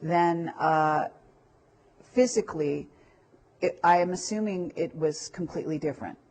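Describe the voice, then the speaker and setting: A woman's voice: low voice, measured pace, darkish tone. A woman interviewer asking searching questions with some hesitation.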